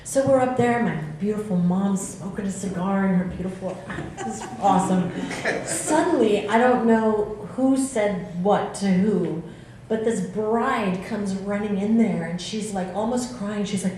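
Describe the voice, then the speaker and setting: A woman guest on a convention panel, telling an anecdote in an animated way and laughing often. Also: mid-range voice, moderate pace. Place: convention hotel panel room. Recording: echoey room with crowd sounds.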